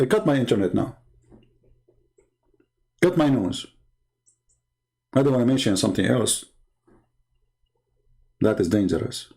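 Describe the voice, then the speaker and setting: A man's voice: mid-range voice, very animated, unhurried, creaky, pauses often, dark tone. A man hosting a show, talking in a mocking, sarcastic monologue full of heated rhetorical questions. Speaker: show host. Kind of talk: monologue commentary.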